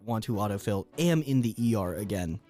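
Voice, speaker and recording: Deadpan young man with dry wit. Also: lowish voice, a little fast, faint music behind. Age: 20s. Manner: deadpan, dry one-liners. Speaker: guest. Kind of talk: casual conversation.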